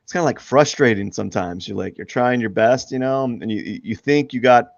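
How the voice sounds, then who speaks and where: A man's voice: medium pitch, a little fast, gravelly, no room sound. A man who is an artist chatting casually during a live drawing stream, rambling with many restarts and fillers, and laughing at himself. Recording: dull lo-fi dry sound.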